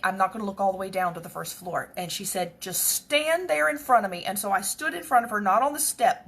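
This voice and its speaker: A woman's voice: medium pitch, a bit bright, slightly rough. A woman earnestly retelling a personal story in a conversational, reflective way, with faith-based encouragement. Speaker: speaker sharing a personal story.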